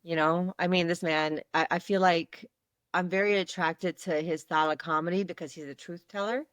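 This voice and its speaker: A woman comedian from Canada telling stories on a podcast, animated, laughing often and acting out quoted lines. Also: on the low side, normal speed, no room sound, studio quality. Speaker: guest comedian. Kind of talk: casual podcast storytelling.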